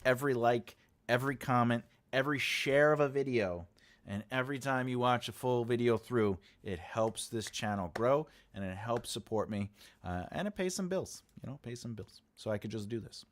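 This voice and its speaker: At normal speed and in a medium-pitched voice, this American author chats casually with viewers on his channel's livestream. He rambles and keeps repeating his phrases as he talks.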